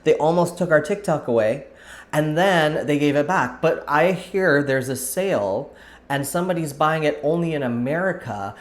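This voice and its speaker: A man's voice: fairly high pitch, animated, moderate pace. A man hosting a casual craft vlog, talking on in a rambling, thinking-aloud way, picked up by a camera set back across the table. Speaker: vlog host. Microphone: camera set back at a distance on the table.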